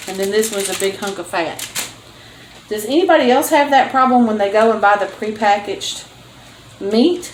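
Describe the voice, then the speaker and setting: An older woman hosts a home cooking vlog from her kitchen, chatting warmly as she cooks, telling homey stories and laughing often. Her voice is medium in pitch, and the audio is poor, with a roomy sound and slight background noise.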